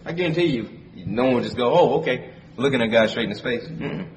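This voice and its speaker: A man's voice: mid-range voice, lively intonation, fast talker. A man delivers a sermon, reading scripture and explaining it in a plain, conversational way. He leans on repeated phrases for emphasis. The mic sits far from him, and a faint background hiss runs underneath. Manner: reads scripture in King James wording, then explains it conversationally. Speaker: preacher.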